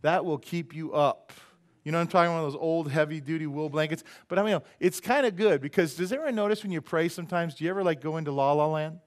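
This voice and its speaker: Chatty, joking middle-aged pastor. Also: male voice, on the high side, quick pace. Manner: conversational, joking, asks the congregation questions. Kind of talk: sermon.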